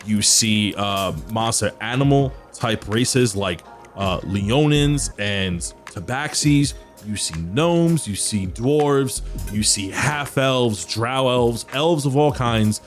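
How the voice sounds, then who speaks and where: Man dungeon master, casual rambling scene narration, middle pitch. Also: slow, soft background music. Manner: casual, rambling descriptions with fillers. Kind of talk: narrating a tabletop game.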